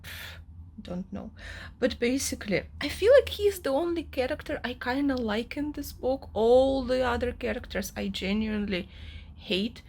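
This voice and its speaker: A woman's voice: on the high side, expressive, normal speed, darkish tone, slightly rough. A young woman vlogging about a novel she is reading, ranting with strong emotion and many fillers. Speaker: book vlogger. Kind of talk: casual reading vlog monologue.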